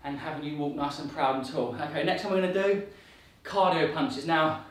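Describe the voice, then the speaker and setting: A man's voice: on the high side, fairly even intonation, fairly quick, distant mic. A man coaching a workout, upbeat and encouraging, counting reps and slightly out of breath. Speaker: fitness coach. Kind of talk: guided workout instruction. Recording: very echoey room, voice off-mic.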